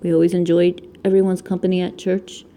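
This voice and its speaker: Picked up by a camera mic with a little hiss or hum, a Connecticut woman in her thirties talks briskly in a low, mellow voice with little pitch movement. The crafting vlogger, who has a Connecticut accent, chats and rambles casually at home while diamond painting, laughing frequently.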